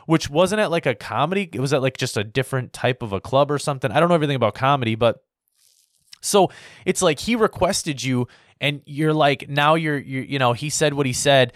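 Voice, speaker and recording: A man's voice: mid-range voice, lively intonation, brisk, no room sound, studio quality. Heated, rambling man in his thirties. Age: 30s. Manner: heated, profane, rambling with many fillers. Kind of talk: casual opinion rant to camera.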